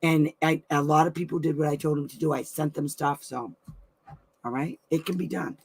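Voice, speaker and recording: Woman, middle-aged, husky, casual live-stream chat, laughs often. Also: sits low, fairly even intonation, moderate pace, a little mellow. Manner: chatty, effusive, laughs often. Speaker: host of a weekly live advice show. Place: at home.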